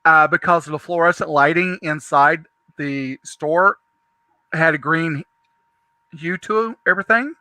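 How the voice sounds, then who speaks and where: Male host, casual storyteller, high bright tone, dry room. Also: measured pace, dry recording. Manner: rambling, animated storyteller with many restarts.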